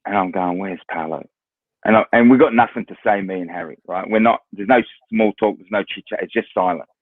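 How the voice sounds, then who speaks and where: A man's voice: fairly low pitch, brisk, no echo, narrow, tinny audio. A man from Australia with an Australian accent, a former footballer telling anecdotes as a guest. He talks casually, repeats words and acts out what others said. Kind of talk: casual storytelling.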